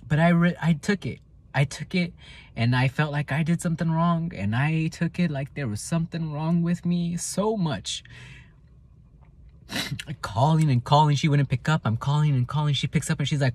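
A man's voice: on the high side, normal speed, darkish tone. A man telling his own story in a raw, emotional way, repeating himself and swearing. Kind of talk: raw personal account.

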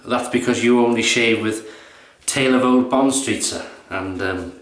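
A man's voice: mid-range voice, normal speed, a bit bright, natural voice. A man voicing a deferential butler who answers formally and hesitantly, in an echoey bathroom. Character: deferential middle-aged male butler. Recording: echoey room.

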